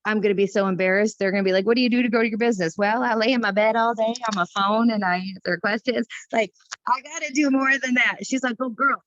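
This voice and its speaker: A woman's voice: mid-range voice, no room sound. Chatty, self-mocking woman on a video call. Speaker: host of a morning team call. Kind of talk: casual motivational chat. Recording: dull, dry video-call audio.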